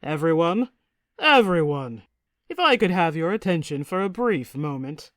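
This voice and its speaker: A woman reads a blustering, half-drunk king in a storybook, loud and pompous. The recording is close and dry. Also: fairly low pitch, lively intonation, moderate pace, no echo, natural voice. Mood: speechmaking. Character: boisterous tipsy middle-aged king. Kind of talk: audiobook character reading.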